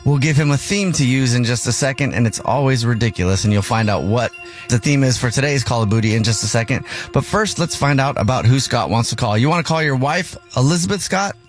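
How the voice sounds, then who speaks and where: A man's voice: medium pitch, lively intonation, fairly quick, soft background music. A man hosting a radio show, laughing often and explaining a call-in prank game in an upbeat, casual way. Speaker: radio host.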